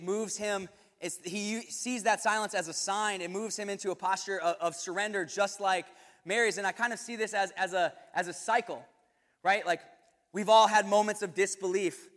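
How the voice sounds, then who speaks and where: A man's voice: sits high, a bit bright. A young man giving a casual sermon to a youth group, conversational and self-correcting with touches of light humor. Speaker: youth ministry speaker. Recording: reverberant hall.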